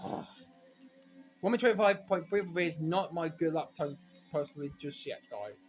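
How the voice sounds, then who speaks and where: A man giving rambling, self-correcting commentary while playing a racing game, now and then breaking into frustrated shouts. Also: a little high, moderate pace, faint music behind. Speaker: gaming commentator. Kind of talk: casual let's-play commentary.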